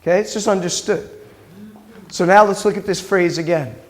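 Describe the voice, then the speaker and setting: Speaking at a moderate pace with a voice that sits high, a middle-aged rabbi lectures his Hebrew class. He quizzes the students, patiently repeating words aloud between his questions.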